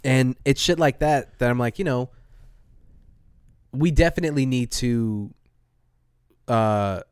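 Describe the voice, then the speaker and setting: A man in casual podcast chat, mid-pitched and animated. He laughs often and his voice leaps high when something irritates him. The sound is dry and close to the mic. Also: slow pace, clear, resonant tone, no echo. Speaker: podcast co-host.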